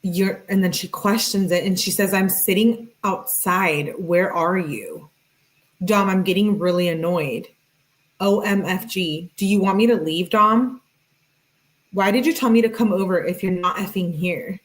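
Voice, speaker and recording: A woman's voice: medium pitch, measured pace. Woman reading texts with sarcastic asides. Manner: sarcastic asides, reads chat comments. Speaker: true crime streamer. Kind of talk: reading texts aloud with live commentary.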